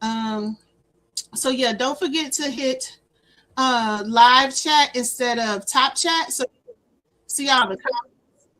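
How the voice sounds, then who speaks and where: A woman runs a casual livestream from her home setup. Her voice sits high and bright above most women's. She chats easily, doubles up her words and welcomes each viewer by name. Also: slow, pauses often. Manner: chatty, repeats words, greets chat by name. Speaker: livestream host.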